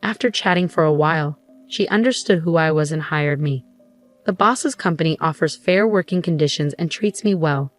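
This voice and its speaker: A woman's voice: low-pitched, normal speed, no echo, faint music behind, close to an everyday voice. A woman voicing a stern, loyal young male employee who scolds firmly. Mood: explaining. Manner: firm, scolding.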